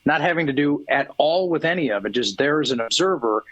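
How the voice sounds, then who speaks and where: A man's voice: on the high side, lively intonation, fairly quick, a bit bright, no echo, poor audio. Crude, storytelling man, dry sound. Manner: crude storytelling, swears freely. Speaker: guest musician. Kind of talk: casual podcast chat.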